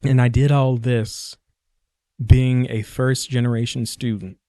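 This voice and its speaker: A young man talks through his own podcast in a loose, joking monologue. He drifts between thoughts and corrects himself partway through sentences. His voice sits at an ordinary middle pitch, and the sound is close and dry with no room echo. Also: flat delivery, measured pace, mellow. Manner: rambling, jokey, often corrects himself mid-sentence. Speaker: podcast host. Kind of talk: casual solo podcast monologue.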